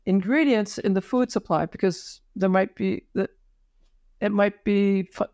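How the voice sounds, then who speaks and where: A woman physician telling her personal story as a podcast guest, halting, with many fillers and restarts. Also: mid-range voice, darkish tone, dry recording, clean studio sound. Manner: emotional at moments. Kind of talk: personal story told in an interview.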